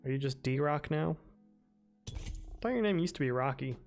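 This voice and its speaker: A man's voice: a little high, lively intonation, normal speed, faint music behind. Rambling male game streamer. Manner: rambling, loose, swears freely. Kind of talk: casual live-stream chat.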